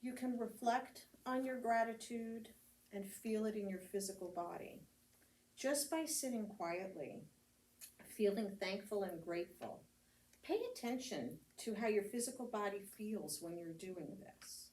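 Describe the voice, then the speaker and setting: A woman's voice: medium pitch, a little slow, a little mellow, a little hiss or hum. A woman reverend with an American accent giving a casual, conversational homily, telling stories with laughs and fillers. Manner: chatty storytelling with laughs and fillers. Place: church meeting hall. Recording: roomy hall, speaker heard from a distance, faint ambience.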